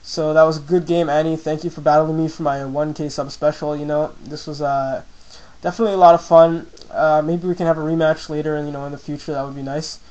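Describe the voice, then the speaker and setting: A young man talks through a game battle he played, in loose, casual commentary. His voice sits a little high for a man, and he keeps jumping up into excited, squeaky asides when he quotes his own reactions. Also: fast talker, dull audio.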